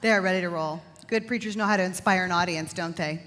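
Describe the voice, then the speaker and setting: A woman's voice: fairly low pitch, fast talker, fairly bright tone. A woman emceeing a live conference, effusive and talking straight to the crowd. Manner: bubbly, effusive, talks to the crowd. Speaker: event emcee. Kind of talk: live event hosting. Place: large conference hall. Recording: long hall reverb.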